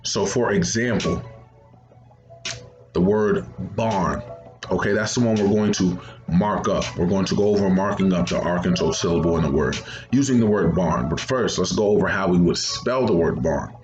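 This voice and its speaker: A man's voice: sits low, moderate pace, a little mellow, roomy sound, muffled recording, faint music behind. A man teaching a second grade phonics lesson, patiently repeating each step.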